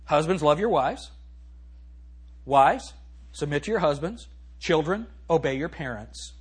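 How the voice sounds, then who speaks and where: Husky-voiced preacher, high and lively. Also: male voice. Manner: animated preaching, swings from loud to hushed; reads scripture in a slow, emphatic cadence. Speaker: pastor. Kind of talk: sermon. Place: church sanctuary.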